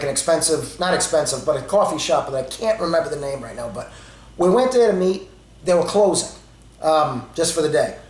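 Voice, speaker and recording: A man's voice: on the high side, reverberant, rough recording. A man, in his forties, telling his dating stories in a rambling, conversational way, full of fillers and quoted dialogue. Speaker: storyteller. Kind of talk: casual storytelling.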